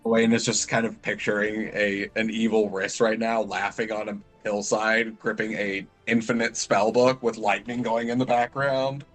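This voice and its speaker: A man describing what his character does in a tabletop game, relaxed and descriptive. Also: on the low side, moderate pace, few pauses, soft background music. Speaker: player.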